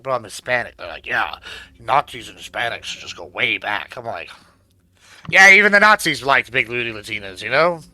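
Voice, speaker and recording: A man's voice: mid-range voice, pushed and bright, dry recording. A man streaming a game, chatting casually in a rambling, crude way with plenty of swearing and fillers. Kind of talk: casual chat while gaming.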